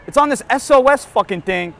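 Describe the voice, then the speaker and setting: Extremely high in pitch, with vocal fry, a fairly bright tone, and an expressive, fairly quick delivery, the man hosts a crude comedy podcast while hungover. He jokes loosely and brashly on a city street at night as faint traffic passes.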